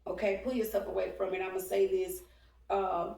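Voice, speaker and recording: A woman's voice: medium pitch, flat delivery, normal speed, creaky, dark tone. A woman in her forties with a drawl, ranting bluntly and profanely. Her voice rings around a roomy space and sits a little back from the mic, so it sounds slightly distant. She keeps an emphatic, confrontational edge throughout. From Texas. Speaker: vlogger. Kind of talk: heated monologue to camera. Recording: roomy echo, speaking from away from the mic.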